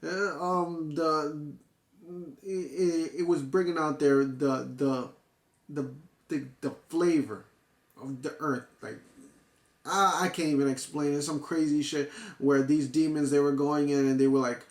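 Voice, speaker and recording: Excitable, profane young man reviewing. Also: fairly high pitch, a little slow, echoey room. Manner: excitable, profane, full of restarts and fillers. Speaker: manga reviewer. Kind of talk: casual video review.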